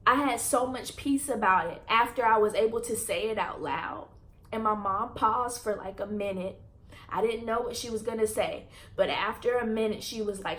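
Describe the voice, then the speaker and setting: A woman's voice: a little high, normal speed, a bit bright. A young woman vlogger earnestly telling a personal story to her viewers and addressing them as y'all.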